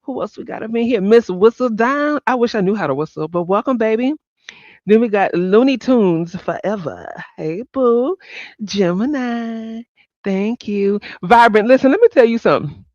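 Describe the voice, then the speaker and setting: A woman's voice: a little high, expressive, normal speed, a little mellow, no echo, dull audio. A woman hosting a casual livestream chat, talking to viewers by name and laughing often. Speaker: livestream host.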